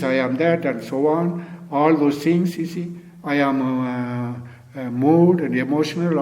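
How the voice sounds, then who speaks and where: A man's voice: a little high, darkish tone. An older man from India, giving a Zen dharma talk as teacher, repeating key words and posing rhetorical questions to his listeners.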